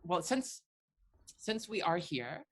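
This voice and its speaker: A tabletop player voicing a disguised noblewoman who speaks in a halting, overly formal way. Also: medium pitch, big pitch swings, voice pushed up. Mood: haughty. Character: pompous disguised noblewoman, lady visitor.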